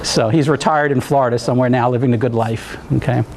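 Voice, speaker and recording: A man's voice: medium pitch, fairly even intonation, fast talker, a little mellow. A man from New teaching an EMT class, explaining in a conversational way, telling anecdotes and asking the room questions. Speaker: EMT instructor. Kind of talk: classroom lecture.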